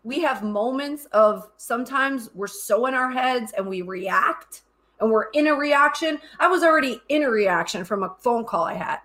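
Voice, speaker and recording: A woman's voice: fairly high pitch, lively intonation, moderate pace, fairly bright tone. A woman co-hosting a podcast who talks in an effusive, self-deprecating way and laughs often, in a casual chat. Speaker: podcast co-host.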